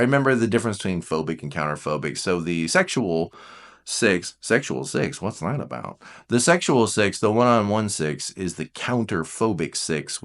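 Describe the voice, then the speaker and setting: A low-sitting male voice belongs to an Enneagram coach in a casual talk to camera about personality types. Lively and playful, he mimics his listeners in mock voices, then shifts to slow, hushed emphasis on the key ideas.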